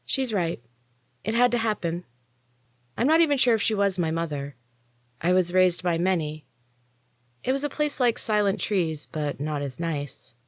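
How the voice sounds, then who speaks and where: A woman's voice: on the low side, animated, a little slow, long pauses, no room sound, studio quality, pitched above the performer's own voice. Lady voicing a blunt worn-out young warrior girl, grudging, storybook read. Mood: weary. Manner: blunt, weary, begrudging. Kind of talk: audiobook reading.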